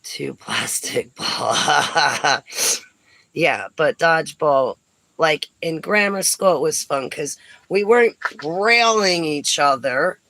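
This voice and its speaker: A middle-aged woman from New Jersey, telling stories in a chatty vlog, breaking into lively exclamations and laughs. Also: low-pitched, takes it slowly, dry recording, rough recording. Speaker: vlogger. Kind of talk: casual storytelling chat.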